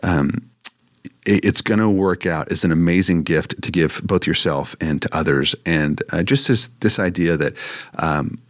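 Very deep-voiced man, dry sound. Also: a little slow, no room sound. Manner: relaxed, many fillers, restarts. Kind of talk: casual conversation on leadership.

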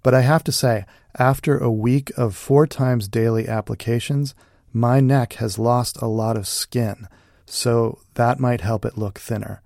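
A man hosting a comedy show, reading a mock ad and steering the bit in a dry, deadpan way. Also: mid-range voice, unhurried, gravelly, dry recording. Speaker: comedy podcast host. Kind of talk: mock-earnest ad read and hosting.

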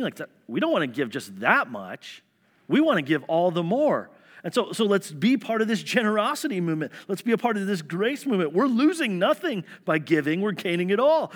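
A man's voice: fairly high pitch, fairly bright tone, long reverb tail. A man preaching a sermon as pastor, earnest and conversational, often restarting his words.

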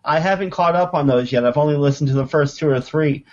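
Man, podcast guest, slightly high, eager and halting; dull lo-fi sound. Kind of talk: casual chat.

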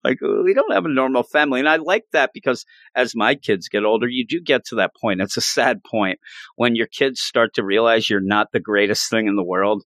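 A man's voice: on the low side, normal speed, a bit bright, no room sound. A middle-aged man chatting casually as a comic book podcast co-host, often acting out characters' lines in a raised voice. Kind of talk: casual comic review chat.

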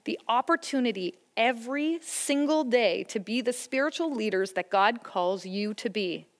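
Her voice on the high side and lively, a church speaker focused on family faith delivers a sermon at normal speed. She encourages listeners earnestly about raising children and belief, weaving in scripture and stories from her own life, all under a long hall reverb.

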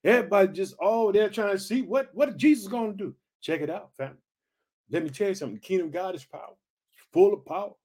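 A man preaching an energetic sermon, hyping up his listeners, calling them family and repeating his catchphrases. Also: high-pitched, quick pace, breathy edge.

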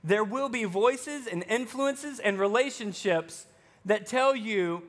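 Male pastor, Arkansas-raised with a faint Southern lilt, high voice, conversational sermon with humor, long reverb in a church. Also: slow pace, fairly bright tone. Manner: conversational preaching with joking asides.

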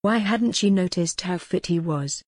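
Woman narrating a story in a low voice. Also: no room sound, clean studio sound. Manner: steady, measured reading. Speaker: audiobook narrator. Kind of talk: scripted narration.

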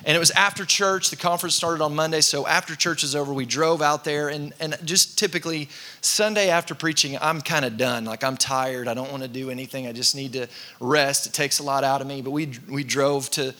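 A man, a pastor preaching a sermon to his congregation and telling funny personal stories in a relaxed, conversational way. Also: fairly high pitch, a little fast. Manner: conversational, self-deprecating storytelling with laughs. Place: church in front of a congregation.

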